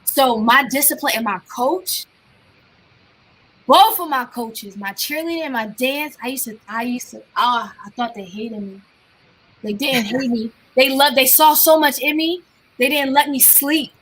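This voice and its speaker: A woman's voice: high-pitched, a little slow, husky. A woman from New Jersey, a guest artist in a casual interview, telling stories with energy and acting out the voices of the people in them. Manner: animated storyteller acting out quoted voices.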